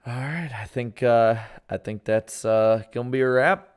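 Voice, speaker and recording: Hoarse man reading super chats. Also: medium pitch, a little hiss or hum. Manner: loose, halting reading with repeated restarts. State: worn-out, hoarse voice. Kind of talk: casual podcast chat.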